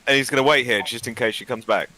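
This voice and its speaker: A man's voice: mid-range voice, fast talker, pushed and bright, slight background noise, poor audio. A man playing a tabletop game who speaks in character in a cheeky, flirtatious way. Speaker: player.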